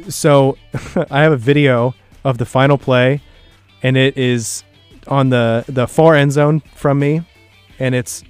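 A young man co-hosting a casual sports podcast, a relaxed storyteller who laughs easily. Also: mid-range voice, smooth, no echo. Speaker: podcast co-host. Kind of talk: casual chat.

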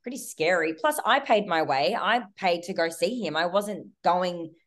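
A young Australian woman on a podcast tells a story in a rushed, animated way. She scatters "like" through every sentence and swears freely. Her voice sits a little low in pitch. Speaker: guest. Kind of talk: casual chat.

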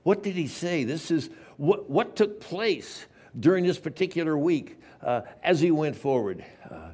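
Pastor, male, slightly higher voice, storytelling sermon that jumps between loud and quiet. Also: expressive, a little slow, slightly rough. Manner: storytelling with sudden swings between loud and hushed.

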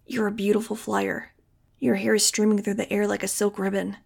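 Woman reading as a calm, admiring teenage boy. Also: medium pitch, fairly quick, creaky, slightly rough. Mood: tender.

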